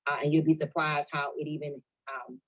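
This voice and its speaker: Panel guest: woman, very low voice, emphatic and earnest. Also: little pitch movement, a little fast, rough recording. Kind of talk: advice on a panel.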